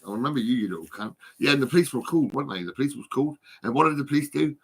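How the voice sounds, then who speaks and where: A man's voice: mid-range voice, expressive, racing, breathy edge. A man from the United Kingdom, recorded on a phone, delivering a rambling, profane, agitated monologue full of repetition. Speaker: vlogger.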